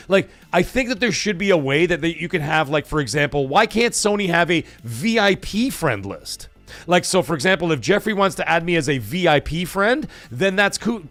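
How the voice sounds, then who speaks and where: A man with a slightly high voice, recorded with no echo, hosts a casual livestream. He's excitable, swears a lot, and reads viewer donations aloud, getting emotional to the point that his voice catches.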